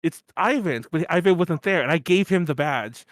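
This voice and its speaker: A young man co-hosting a podcast, telling a rowdy party story in a casual, animated way, laughing often and swearing as he acts out his own drunken rant. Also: on the high side, moderate pace, no echo, studio quality. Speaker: podcast co-host.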